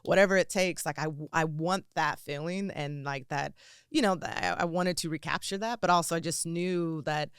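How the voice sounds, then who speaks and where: A woman from Las Vegas, a film and TV producer, telling stories as an interview guest and acting out past dialogue in lively voices. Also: sits low, normal speed, smooth, dry recording, clean studio sound. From Las Vegas, United States. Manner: animated, acts out past dialogue. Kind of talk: conversational interview storytelling.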